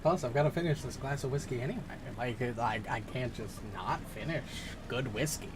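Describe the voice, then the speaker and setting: A man's voice: medium pitch, normal speed, noisy background. A young man chatting casually while streaming a game, rambling and restarting his sentences. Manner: rambling, self-interrupting, laughs at the game. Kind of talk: casual live gameplay chat.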